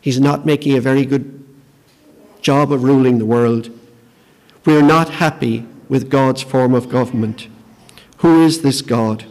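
A man's voice: medium pitch, a little mellow. Man preaching a sermon in a reverberant hall. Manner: earnest, repeats words when starting phrases.

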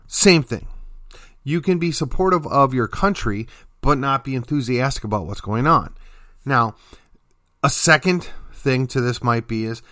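A man's voice: mid-range voice, animated, normal speed, fairly bright tone, no room sound, studio quality. A man hosting a political commentary show, delivering an emphatic opinion monologue with sarcastic asides.

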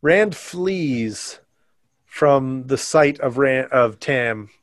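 A man's voice: medium pitch, lively intonation, drawn-out words, no echo, studio quality. A man co-hosting a podcast, casually chatting and retelling book scenes with playful mock voices. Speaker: podcast co-host. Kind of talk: casual chat.

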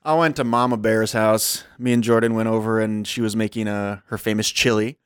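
A man's voice: on the low side, steady tone, fairly quick, clean tone, no room sound, studio quality. A man co-hosting a podcast, joking and telling stories in casual chat. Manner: joking, storytelling with acted-out quotes. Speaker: podcast co-host. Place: small home studio.

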